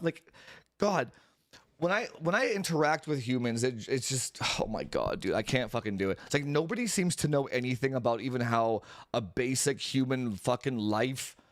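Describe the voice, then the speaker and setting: A man's voice: medium pitch, no room sound. Profane ranting young man, dry sound. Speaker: streamer. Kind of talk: casual stream chat.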